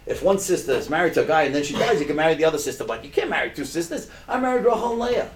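A man's voice: on the high side, lively intonation, racing, echoey room, a little hiss or hum, lightly acted. A man voicing a humble, apologetic old patriarch who explains himself in a sermon story.

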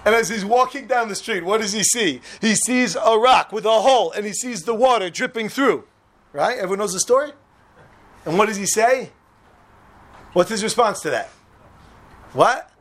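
High-pitched guy giving a torah class, super animated, keeps quizzing the room. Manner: animated, quizzes listeners, laughs at own jokes. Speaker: religious teacher.

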